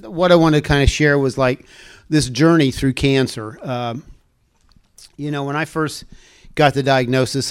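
Older man giving a casual testimony to a congregation. Smooth, clear voice, rambling, chuckles at his own jokes. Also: medium pitch.

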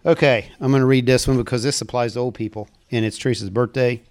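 A man's voice: mid-range voice, fairly even intonation, fast talker, a little mellow. An older man speaking to a church group in a casual, rambling storytelling way, chuckling at his own puns.

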